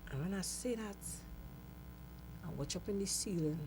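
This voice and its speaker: A middle-aged Trinidadian woman tells her story as an interview guest, acting out the voices of the people in it. Her voice sits at a middle pitch. A faint hum and some background noise run under the recording. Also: normal speed. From Trinidad and Tobago. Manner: lively storytelling, acts out voices in dialogue.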